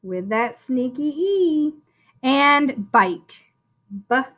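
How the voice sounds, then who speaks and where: A woman leads a phonics lesson for young children, stretching out each sound as she spells words aloud. Her voice is bright and fairly high, and it swoops up and down in an encouraging, sing-song way. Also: sing-song. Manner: slow, drawn-out sounding out of words. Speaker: first-grade teacher.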